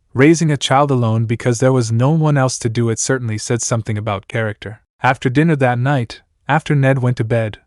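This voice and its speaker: A man's voice: medium pitch, dry recording. Man reading a story, dry sound. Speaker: story reader. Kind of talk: fan fiction read-aloud narration.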